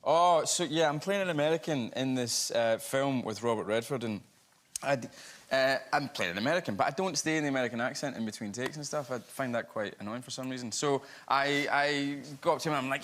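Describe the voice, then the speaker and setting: A man with a Scottish accent, a talk show guest, telling a story with animated amusement. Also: mid-range voice, fast. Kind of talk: casual anecdote.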